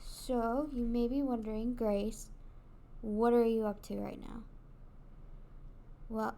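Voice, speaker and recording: A woman's voice: fairly high pitch, steady tone, slow, pauses often, warm tone. A woman streaming a video game, chatting casually with her viewers in a giggly, rambling way. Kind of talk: casual gaming livestream chat.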